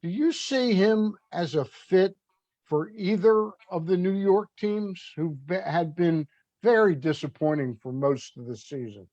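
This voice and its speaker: A man's voice: sits high, lively intonation, a little slow, darkish tone, no room sound. A man hosting a sports talk interview, asking long, rambling questions with fillers. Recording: dull, dry audio.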